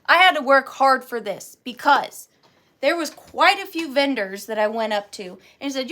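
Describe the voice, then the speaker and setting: A woman's voice: high-pitched, expressive, moderate pace, bright, forceful tone. A woman running a live vintage auction, chatting playfully and counting down bids. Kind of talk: casual live sale chat.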